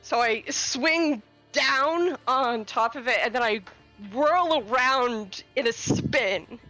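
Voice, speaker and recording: A woman's voice: sits high, slow, bright, forceful tone, faint music behind. A woman playing a tabletop game, tallying her dice rolls aloud and laughing often. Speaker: player.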